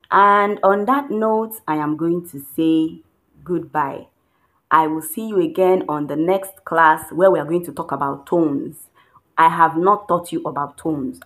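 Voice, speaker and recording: A woman teaching a beginner language lesson, patiently repeating words slowly to show each tone. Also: low voice. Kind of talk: instructional lesson.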